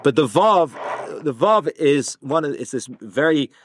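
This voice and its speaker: A man's voice: a little high, lively intonation, a little slow, dry recording. Guy teaching a torah class, lots of restarts, dry close sound. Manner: hesitant, many restarts, explanatory.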